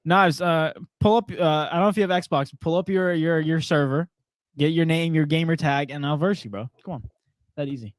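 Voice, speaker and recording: A young man co-hosts a casual sports podcast with a slightly high voice. He laughs often while reading viewer comments aloud. The sound is close and dry. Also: fairly quick, no room sound. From Portuguese family. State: frog in his throat. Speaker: podcast co-host.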